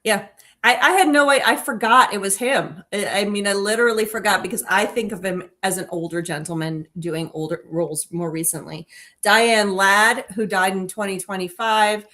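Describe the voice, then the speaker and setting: A woman's voice: medium pitch, fairly bright tone. A woman co-hosting a casual film discussion, enthusiastic and digressive, often correcting herself mid-sentence. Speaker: podcast co-host and author.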